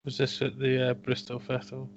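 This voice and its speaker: A man's voice: mid-range voice, completely flat delivery, brisk. A man co-hosting a casual whisky-tasting podcast, making dry jokey asides and reading out tasting notes. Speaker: podcast co-host. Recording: dull lo-fi home podcast recording.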